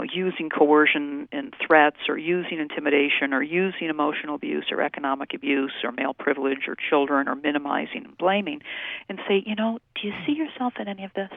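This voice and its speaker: A woman who works in domestic violence services, explaining things in a measured way with many fillers during a phone-in radio interview. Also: sits low, gravelly, dry recording. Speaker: domestic violence program staff. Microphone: telephone. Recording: tinny phone line.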